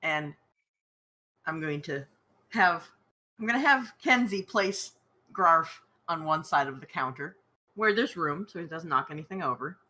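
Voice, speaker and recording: Playful woman player, bright voice, kinda low pitch, all over the place melody. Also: lively intonation. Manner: quick, playful, jokey. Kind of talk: casual tabletop game play.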